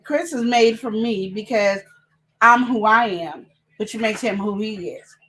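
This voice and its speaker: A woman co-hosting a live relationship advice show, chatting casually and fast, full of energy. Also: medium pitch. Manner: chatty, animated, talks fast and laughs.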